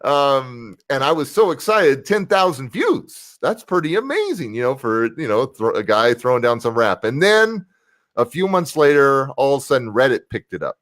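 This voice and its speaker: An upbeat man from the United States talks as a guest on a live video-call interview and keeps breaking off to greet viewers by name. His voice sits at a medium pitch. The sound is dry and close, with no room around it. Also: big pitch swings, moderate pace, fairly bright tone, no echo. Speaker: guest, motivational speaker and rapper. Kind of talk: casual livestream interview.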